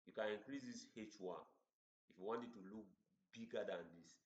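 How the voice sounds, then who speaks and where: A man teaching a coding tutorial, halting and often repeating words as he explains. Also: fairly low pitch. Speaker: coding instructor. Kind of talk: screen-share coding tutorial. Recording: roomy, dull lo-fi recording.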